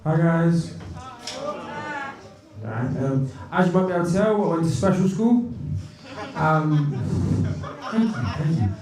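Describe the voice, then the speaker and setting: Awkward, halting male stand-up comic. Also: on the high side, expressive, music in the background. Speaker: stand-up comedian. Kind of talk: stand-up set. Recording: echoey club, distant mic, crowd.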